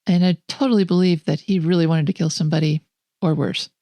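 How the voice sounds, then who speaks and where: A woman's voice: lowish voice, fairly even intonation, fast, warm tone, dry recording. A woman co-hosting a film podcast, talking in an enthusiastic, opinionated way and laughing often. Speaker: podcast co-host. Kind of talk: casual film review chat.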